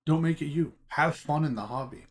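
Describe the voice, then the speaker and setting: A man's voice: a little high, brisk. A man talking casually to camera about collecting and selling trading cards, emphatic and chatty, often checking in with "okay?". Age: adult teaching a college class. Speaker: Pokémon card collector and seller.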